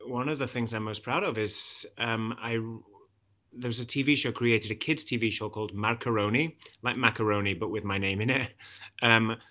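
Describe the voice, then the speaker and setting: A man's voice: lowish voice, pushed and bright. A man from Wales in his forties with a generalized British accent and a light Welsh touch, a guest actor chatting casually and often restarting his sentences. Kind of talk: casual interview chat.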